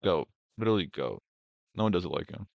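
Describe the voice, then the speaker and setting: A male streamer reacting to clips in a blunt, profane rant, stumbling and restarting as he talks. His voice sits a little low and sounds dry and close, with no room around it. The mic is slightly dull and lo-fi. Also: expressive, fast talker, gravelly, no room sound. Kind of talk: casual reaction commentary.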